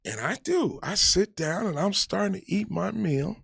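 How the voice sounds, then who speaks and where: A man in casual conversation, an army veteran telling his stories in an animated way and acting out the shouted lines of the people in them. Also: high voice, moderate pace, gravelly, breathy edge, dry recording, clean studio sound. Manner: animated storyteller, acts out quoted shouts. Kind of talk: casual storytelling chat.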